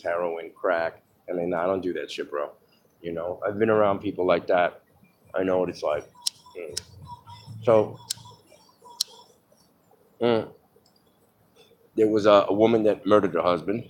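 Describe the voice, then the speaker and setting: A man with a fairly low voice tells candid stories from his own life, rambling and cursing freely between fillers. He turns earnest and blunt when he speaks to listeners directly. A faint hum of background noise sits under his voice. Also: a little mellow. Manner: rambling, profane, with many fillers. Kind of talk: candid personal storytelling monologue.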